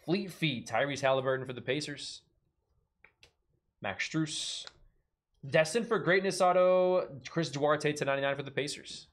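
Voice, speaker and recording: A man's voice: medium pitch, steady tone, moderate pace, fairly bright tone. A man hosting a live card break, rattling off card names and joking between pulls.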